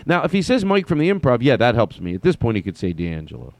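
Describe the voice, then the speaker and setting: A man's voice: mid-range voice, huge pitch swings, fast, darkish tone, no room sound. A man telling a story casually as a comedian host, rambling with many restarts and some swearing. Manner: rambling, profane, lots of restarts.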